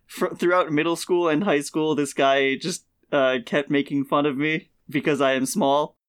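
A man's voice: a little high, steady tone, moderate pace, smooth. A young man co-hosting a podcast, telling school stories and laughing as he goes. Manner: laughs through his stories. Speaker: podcast co-host. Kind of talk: casual chat.

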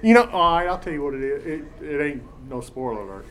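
A man's voice: fairly high pitch, expressive, fast, a bit bright. A man, co-hosting a casual chat, blunt and opinionated, often restarting sentences. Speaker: podcast co-host. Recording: faint background noise.

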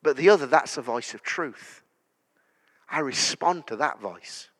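A man in his thirties preaching a sermon in a church, telling stories that build to loud declarations. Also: medium pitch, animated, measured pace. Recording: long church hall reverb.

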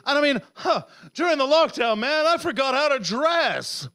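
A middle-aged man from Canada performs stand-up with an unusually high voice. He rambles, shouts lines for effect and laughs through his own bits. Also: big pitch swings, moderate pace. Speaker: stand-up comedian. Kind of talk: live stand-up set. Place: comedy club stage.

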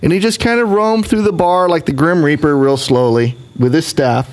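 A man's voice: on the high side, normal speed, a little mellow. A man hosting a podcast, telling a long story in casual chat, repeating words and swearing offhand. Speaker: podcast host.

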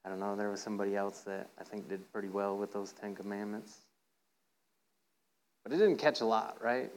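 A man's voice: fairly even intonation, a little fast, poor audio. A man giving an informal sermon, telling a playful story and often checking in with the listeners. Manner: playful storytelling, acts out voices with rising pitch; conversational, asks "right?" often. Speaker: preacher.

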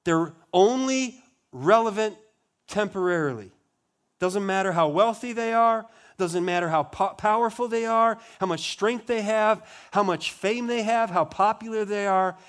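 A pastor preaching a sermon, asking the congregation rhetorical questions, building emphasis and then dropping to a low, quiet voice on solemn lines. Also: male voice, smooth. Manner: rhetorical questions, rising emphasis on key words.

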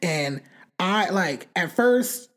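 A young woman in casual chat, telling a long story in a rambling, animated way, full of fillers and cussing. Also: on the low side, extremely slow.

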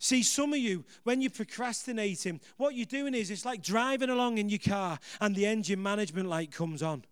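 A man preaching a sermon, energetic and rousing, building up to shouts and laughing at himself along the way. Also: sits high, fairly quick, hardly any pauses, clean tone, no echo, clean studio sound. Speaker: pastor.

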